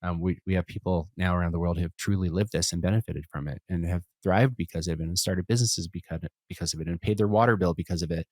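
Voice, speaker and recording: A man with a very low voice talks through his ideas as a podcast guest, circling back and restarting often. The sound is close and dry, with no room around it. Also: fairly even intonation, quick pace, hardly any pauses, darkish tone, no echo. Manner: reflective, rambling with restarts and laughs. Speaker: podcast guest, musician and entrepreneur. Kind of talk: casual conversation.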